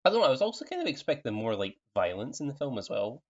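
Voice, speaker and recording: A man's voice: medium pitch, sing-song, fast talker. A man co-hosting a podcast, chatting in a rambling, hesitant way and laughing often. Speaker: podcast co-host. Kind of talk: casual film review chat. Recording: dull lo-fi sound.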